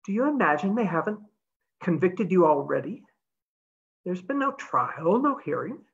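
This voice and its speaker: A woman's voice: fairly low pitch, big pitch swings, normal speed, gravelly, highs cut off. A woman reading aloud, voicing a determined young woman who talks urgently and pleads.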